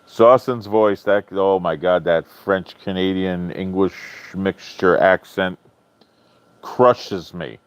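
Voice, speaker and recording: Man, live stream host, fairly low voice, casual chat, swears a lot, laughs easily, dull lo-fi audio. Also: slow pace, clear, resonant tone, no room sound. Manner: chatty and animated, swears freely, often laughs. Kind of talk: casual live-stream chat, reading and answering viewers' comments.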